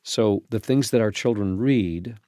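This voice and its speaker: A man's voice: fairly low pitch, unhurried, warm tone, no echo. A middle-aged man hosting a faith-based podcast, talking in an emphatic, preacherly way with frequent restarts. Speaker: podcast host.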